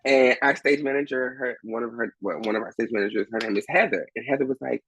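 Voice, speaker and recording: A man's voice: medium pitch, quick pace, a bit bright, slight background noise, poor audio. A man, a Broadway swing performer, telling a story as a guest, acting out the other people's voices and laughing often. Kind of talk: animated storytelling in conversation.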